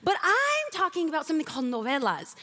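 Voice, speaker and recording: A woman preacher with a high voice delivers a sermon full of animated, humorous storytelling. She speaks from a church stage, and a long hall reverb trails her words. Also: quick pace. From Mexican and Puerto Rican family.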